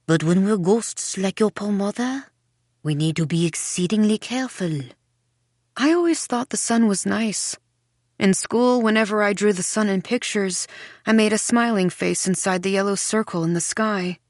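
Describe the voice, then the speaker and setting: A woman narrating a first-person audiobook in a measured storytelling manner. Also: medium pitch, no room sound, studio quality.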